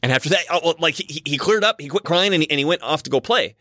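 A man's voice: a little high, expressive, racing, pushed and bright, no echo, studio quality. A man giving a casual, rambling monologue as a commentator, often repeating himself and restarting his sentences.

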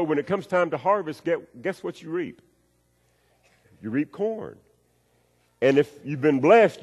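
Folksy preacher, lively voice. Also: male voice, on the high side. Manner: folksy, storytelling, repeats key phrases. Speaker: pastor. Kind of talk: sermon. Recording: long reverb of a large hall.

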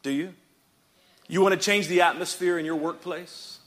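A man pastor preaching a sermon in church, swinging from quiet reading up to shouted, rhythmic repeated phrases and calling out to the congregation. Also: high-pitched, fairly even intonation, moderate pace. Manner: calls out to the congregation.

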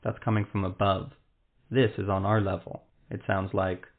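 A blunt, curt male monster hunter from a fantasy storybook, as a man reading aloud puts him on. His voice is fairly low and comes through tinny and phone-like. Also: little pitch movement, normal speed, lightly acted. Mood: gruff.

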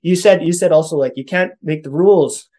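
Earnest man with a higher voice. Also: brisk, mellow. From Canada. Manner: earnest, thinking aloud with many restarts. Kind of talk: casual podcast chat on faith.

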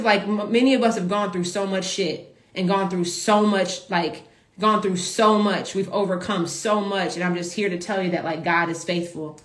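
A woman in a casual live stream speaks to her followers as a business coach, heartfelt and emotional. She circles back and repeats her points, peppering them with "like." Her voice sits at an ordinary pitch and carries a noticeable room echo. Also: steady tone, moderate pace. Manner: emotional, repetitive, full of filler "like".

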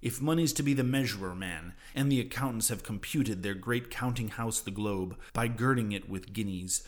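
A man's voice: fairly low pitch, moderate pace, natural voice. A man voicing an obsessed, vengeful old male sea captain in a fervent, declaiming way.

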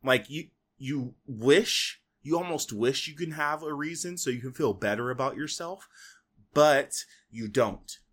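A man's voice: mid-range voice, a little slow. A young man hosting a solo podcast, talking in a casual, rambling way full of "like" and "you know". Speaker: podcast host.

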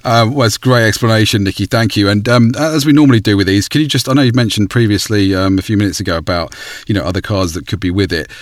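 Deep voiced guy host, talks fast, dry mic, kinda rambly questions. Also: no room sound. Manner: encouraging, rambling questions with fillers. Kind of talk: interviewer chat.

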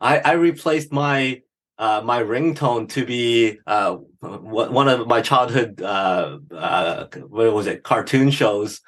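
A man's voice: lowish voice, slow. A middle-aged man, a business strategist, talking upbeat as an interview guest and telling stories. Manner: upbeat, animated storytelling with laughs. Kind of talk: casual interview talk.

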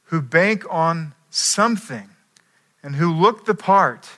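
A man preaching a sermon as pastor, earnest, moving between quiet asides and emphatic climaxes. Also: a little high, animated, slow pace.

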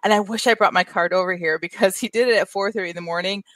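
A woman's voice: medium pitch, fairly even intonation, fast, a bit bright, no echo. A woman co-hosting a casual chat show, talking in a rambling, self-deprecating way. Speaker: co-host.

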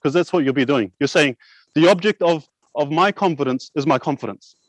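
A young man preaching a sermon, asking rhetorical questions, repeating words and slowing down to press key points. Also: on the high side, no room sound, rough recording. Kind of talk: sermon with props.

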